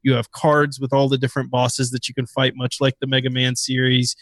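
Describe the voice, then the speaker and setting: A man's voice: mid-range voice, completely flat delivery, fairly quick, dry recording. A man co-hosting a podcast, chatting casually and enthusiastically about games he recommends. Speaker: podcast co-host. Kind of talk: casual gaming chat.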